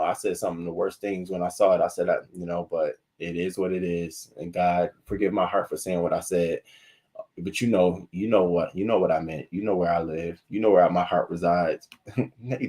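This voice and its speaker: A man hosting a casual livestream news commentary, animated and profane, talking to his viewers between stories. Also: lowish voice, fairly quick, husky.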